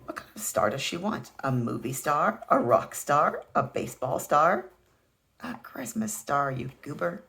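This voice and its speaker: Man putting on a chipper literal-minded housekeeper lady, storybook voice, lively swoops, gravelly edge. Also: fairly high pitch, measured pace, pitched above the performer's own voice, heavily acted.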